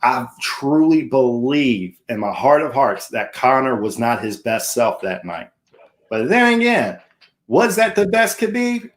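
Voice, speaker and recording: A man's voice: medium pitch, very animated, measured pace. A man hosting a casual sports talk show, chatty and jokey, tossing questions to his co-host and viewers.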